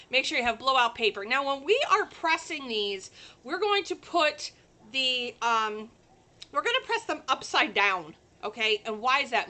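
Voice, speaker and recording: A woman's voice: high-pitched, sharp tone. A woman hosting a chatty live crafting stream, bubbly and talking straight to her viewers.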